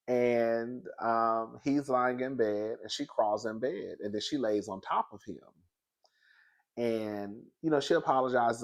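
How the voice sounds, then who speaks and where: Young male reviewer, gossipy and animated, medium pitch, keeps calling the audience girl and baby. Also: slow. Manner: sassy, gossipy, laughs often, calls listeners girl and baby. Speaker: TV show reviewer. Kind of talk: animated casual recap.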